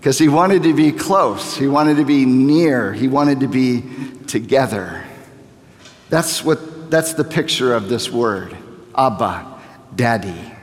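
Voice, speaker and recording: A man's voice: mid-range voice, lively intonation, slow pace. A man in his thirties preaching a sermon as a pastor, earnest and repeating key phrases for emphasis as he builds to fervor. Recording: long reverb of a large hall.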